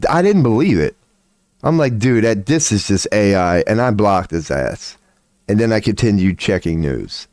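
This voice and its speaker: Speaking at a moderate pace in a dry, clean studio recording, this man rambles and swears through a casual livestream rant. He also offers tarot readings there, and his voice rises and falls sharply as his excitement builds.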